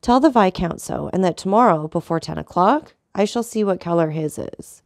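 Cold proud count, calm, measured, ironic, dry close sound, woman reading. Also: fairly low pitch, dry recording. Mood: cool, disdainful.

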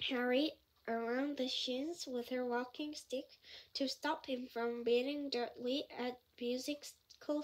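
A woman reads a novel aloud in a high voice, at an unhurried pace. Her reading is careful, and she sometimes trips over a phrase and goes back to say it again. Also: low-quality recording. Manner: careful reading with slips and restarts. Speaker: reader.

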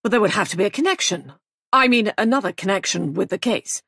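A woman voicing an indignant young husband in an audiobook who speaks in an angry, brisk, defensive way. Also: lowish voice, creaky, breathy edge, no room sound, clean studio sound. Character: indignant young husband, protective and hot-tempered.

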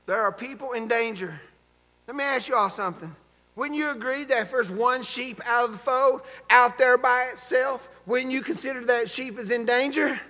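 A man with an extremely high, sharp-toned voice preaches a fervent sermon at normal speed, a pastor calling out for amens in call-and-response. It's recorded in a church sanctuary with long hall reverb.

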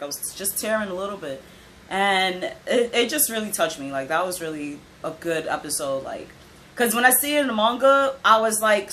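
A young woman casually reacting to an anime episode, excitable and giggly, swearing now and then. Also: mid-range voice, a little hiss or hum, low-quality recording.

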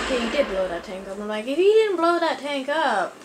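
A higher-pitched woman talks through a shooter game from home, chatty and excitable, needling the enemies she fights. Game sound stays clearly audible under her voice. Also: a little fast, background noise. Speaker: gaming YouTuber. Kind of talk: let's play commentary.

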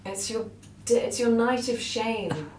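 A British woman, an actress, chatting in an interview with teasing, quick-witted banter. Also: a little high, darkish tone. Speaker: actress guest. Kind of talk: casual interview chat. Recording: echoey room, distant mic, noise.

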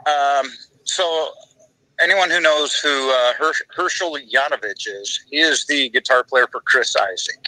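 Bright, dry-voiced man telling stories. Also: mid-range voice, unhurried, no room sound, low-quality recording. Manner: rambling anecdotes with many fillers. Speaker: guest bassist. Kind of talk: casual storytelling chat.

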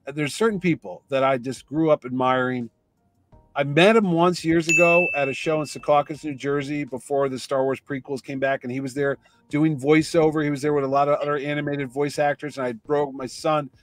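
A man telling a lively anecdote in casual conversation, acting out the voices of the people in his story. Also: fairly high pitch, fairly quick, faint music behind. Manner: animated anecdote teller, acts out voices in quotes. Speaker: comic convention organizer.

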